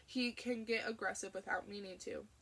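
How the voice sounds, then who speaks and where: A gentle, jokey middle-aged father, read by a woman narrator in an audiobook. The voice sits near her own middle pitch with a gravelly grain. He talks softly and soothingly. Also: fairly even intonation, normal speed, exaggerated voice. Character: warm, joking middle-aged dad.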